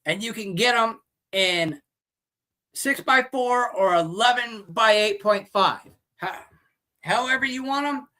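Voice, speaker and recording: A male host delivers a profane, loud rant that turns into a blunt sales pitch. He talks slowly and leans on each point, and his voice is bright and forceful. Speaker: show host.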